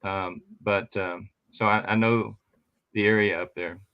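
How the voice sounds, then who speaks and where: A man's voice: fairly low pitch, steady tone, a little slow, no room sound. An older man, a retired army veteran from the Gulf Coast, chatting in an easygoing, hesitant way. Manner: easygoing, hesitant with many ums. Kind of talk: casual chat. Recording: slightly dull, muffled audio.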